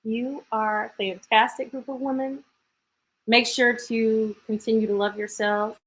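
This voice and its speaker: Female live stream host, slightly high voice, casual and playful, rambling commentary. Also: little pitch movement, unhurried. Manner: chatty, playful, thinks aloud with restarts.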